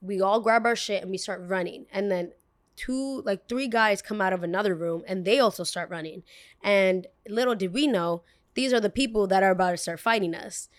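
A woman's voice: medium pitch, normal speed. A young woman hosts a podcast and spins a long personal story in a loose, chatty way. She leans on "like" constantly and slips into the voices of the people she quotes. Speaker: podcast host.

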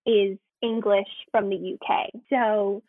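An American woman working in theme park entertainment, chatting in an interview, self-deprecating and quick to laugh. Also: medium pitch, flat delivery. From United States. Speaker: guest, theme park entertainment cast member. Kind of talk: casual interview. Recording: tinny phone-like line.

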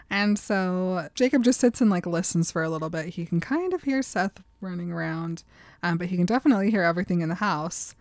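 A woman's voice: lowish voice, no echo, studio quality. A woman co-hosting a casual chat, retelling a story with lots of laughter and quoted lines. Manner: giggly, animated storytelling. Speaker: podcast co-host recapping a book.

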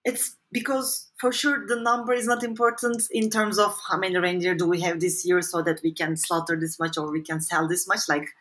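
A woman's voice: lowish voice, flat delivery, a little fast, few pauses, fairly bright tone. Hesitant, thoughtful woman researcher. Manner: thoughtful, hesitant, many fillers and restarts. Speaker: author and researcher guest. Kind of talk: conversational interview answer.

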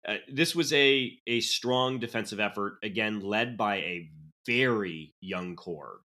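A man's voice: fairly low pitch, measured pace. A man co-hosting a college sports podcast, reeling off stats in blunt, casual chat. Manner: animated, stat-heavy, blunt. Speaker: podcast co-host.

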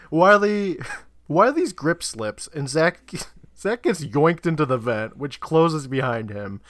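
A man's voice: on the high side, animated, slow pace, a bit bright, no echo. A man co-hosting a podcast, casually recapping a TV episode and laughing often as he retells the scenes. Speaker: podcast co-host.

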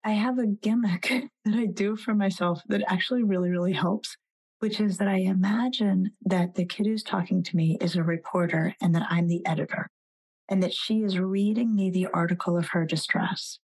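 A woman's voice: medium pitch, fairly even intonation, normal speed, a little mellow, husky, rough recording. A woman in her forties, a psychologist and author, talking as a guest in a podcast interview and animatedly telling stories, acting out the voices of the people she quotes.

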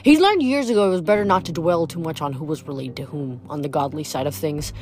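A woman's voice: deep voice, darkish tone. A woman reading a novel aloud, adding chatty, musing comments between chapters. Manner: chatty, musing, halting asides. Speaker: reader. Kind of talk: casual book reading with commentary.

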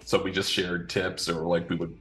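A man's voice: low-pitched, level tone, moderate pace, fairly bright tone, faint music behind. A man in his thirties chatting casually as podcast co-host, rambling and restarting his sentences. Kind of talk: casual chat.

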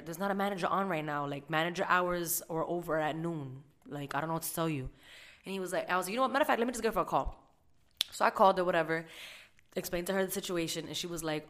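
A woman casually telling a work story on a podcast, animated and profane, acting out the people in it. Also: on the low side, fast. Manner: animated, profane, acts out other people in her stories. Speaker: podcast co-host.

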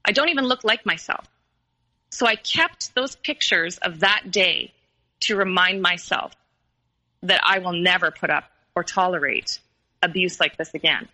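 Woman guest, personal storytelling; earnest, halting, bright tone. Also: on the low side, poor audio. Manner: earnest and halting, many pauses and restarts. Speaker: podcast guest.

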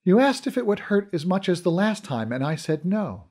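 Brief: a cool deadpan sorceress, put on by a male reader, quiet and calm. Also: sits high, normal speed, voice pushed up. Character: calm, dry-witted sorceress, woman.

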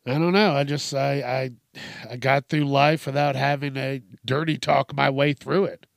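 A man's voice: mid-range voice, steady tone, normal speed, creaky, dry recording, studio quality. A man hosting a podcast, talking casually in a profane, self-deprecating way, laughing often and restarting his sentences. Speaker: podcast host. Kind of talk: casual monologue.

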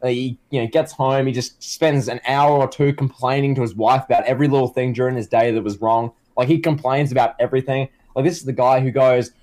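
A man's voice: medium pitch, fairly even intonation, a little fast, few pauses, a little mellow. A man co-hosting a casual comedy podcast. He rambles and jokes, with lots of fillers. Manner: rambling, filler-heavy, joking. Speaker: podcast co-host.

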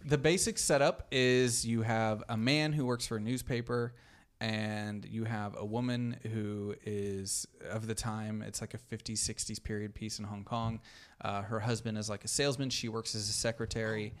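A man's voice: on the low side, flat delivery, moderate pace, hardly any pauses, clear, resonant tone. A man talking casually and enthusiastically about a favorite movie, with restarts and the odd swear word for emphasis. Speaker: podcast guest discussing films. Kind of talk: casual chat.

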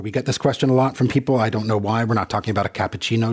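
A man's voice: fairly low pitch, very fast, husky. A middle-aged man who drives for and runs a car service, speaking bluntly and plainly in a documentary interview.

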